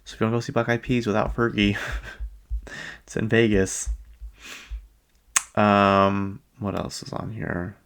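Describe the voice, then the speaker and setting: A man with a deep voice chats loosely about pop culture as a podcast host. His talk is rough and gravelly and drifts along, full of ums and trailing asides. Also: little pitch movement, a little slow, pauses often, fairly bright tone. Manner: rambling, chatty, trails off with ums. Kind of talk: casual pop-culture chat.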